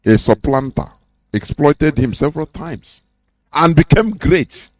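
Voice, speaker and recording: A man's voice: fairly high pitch, expressive, a little slow, darkish tone, no room sound. A man giving an impassioned, preachy radio talk full of rhetorical questions. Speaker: radio host.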